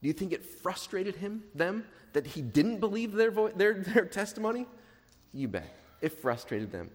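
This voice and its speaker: Male pastor, lively pitch, conversational sermon, long hall reverb. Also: normal speed. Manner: conversational, jokey, emphatic repetition.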